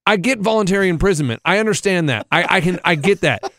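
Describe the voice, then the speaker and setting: A man cohosting a radio show, telling a story in animated, incredulous casual banter. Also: high voice, fast talker, dry recording, clean studio sound.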